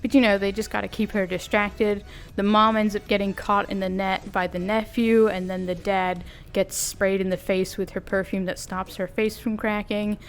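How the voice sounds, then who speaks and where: A woman giving a casual, animated recap of a cartoon while she draws, slangy and amused. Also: medium pitch, moderate pace. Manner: animated, amused, often laughing; slangy, conversational. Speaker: video creator.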